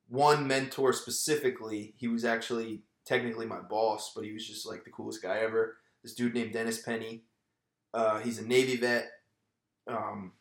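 A man's voice: medium pitch, bright, forceful tone, reverberant. Candid young guy telling his story. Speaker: podcast guest, military veteran. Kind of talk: casual conversation.

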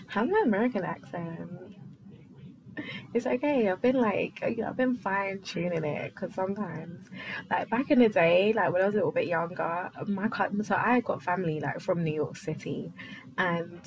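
A young adult woman from London, hosting her own podcast in a rambling, casual solo chat full of fillers and quick laughs. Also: on the low side, background noise. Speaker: podcast host.

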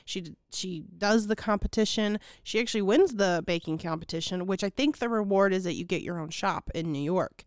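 Woman co-host, smooth clear tone, dry close sound, jokey chat. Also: mid-range voice, brisk, few pauses, dry recording. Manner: chiming in, jokey, quoting characters. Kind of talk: casual movie recap chat.

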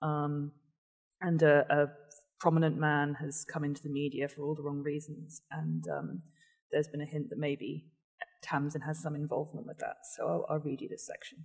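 A woman's voice: low voice, moderate pace, a little mellow, breathy edge. A woman guest who talks about a novel in an earnest, thoughtful way, then reads a passage aloud. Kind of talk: casual discussion and reading aloud.

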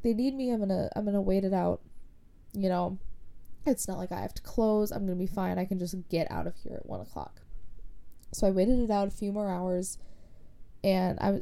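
A woman's voice: medium pitch, gravelly, mellow. A young woman casually telling a personal story, rambling with lots of filler words. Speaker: podcast host.

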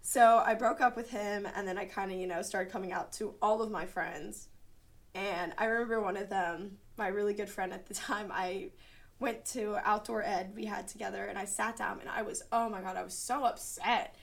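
A woman's voice: mid-range voice, fairly even intonation, moderate pace, vocal fry. A young woman chatting casually about her own life, laughing often and animatedly quoting people. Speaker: podcast guest telling her story. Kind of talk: casual conversation. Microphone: podcast microphone.

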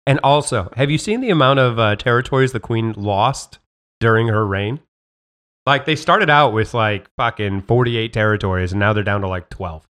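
A man's voice: lowish voice, normal speed, fairly bright tone. A young man co-hosting a podcast from a large empty house, rambling and joking crudely in casual banter. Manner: rambling, crude, joking, talks over others. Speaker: podcast co-host.

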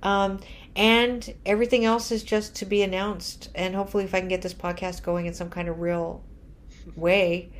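A woman's voice: mid-range voice, level tone, moderate pace. Tired, rambling woman podcast host. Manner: rambling, self-deprecating, laughing often. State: tired, punch-drunk. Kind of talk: casual podcast chat.

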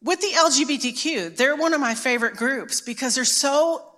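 A woman's voice: high voice, moderate pace, bright, forceful tone. A middle-aged woman from Texas, giving a storytelling sermon at a conference in a chatty, self-mocking way with frequent restarts. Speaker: conference preacher.

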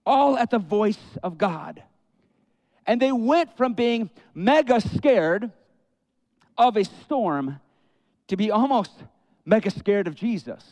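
Male pastor, high voice, expressive sermon delivery with acted-out quotes. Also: takes it slowly, long pauses, no room sound. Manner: expressive preaching, acts out quoted prayers.

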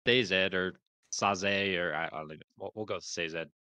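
Low-voiced man recapping in a dry room. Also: moderate pace, pushed and bright, clean tone, dry recording. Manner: hesitant, restarts, unsure of names. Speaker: podcast co-host summarizing chapters. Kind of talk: casual chat.

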